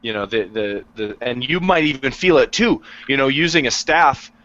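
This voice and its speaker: A man telling his character's moments in a tabletop game, in slow, descriptive storytelling. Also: medium pitch, pushed and bright. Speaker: player. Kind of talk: tabletop role-play narration. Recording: dull lo-fi recording.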